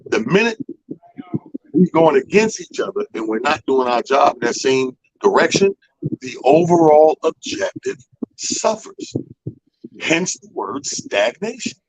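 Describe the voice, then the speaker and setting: Male radio host, animated profane storyteller, husky and dry. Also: on the high side, normal speed, no echo, poor audio. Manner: animated storyteller, acts out people's quotes, profane. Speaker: comedy show organizer. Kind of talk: casual storytelling chat.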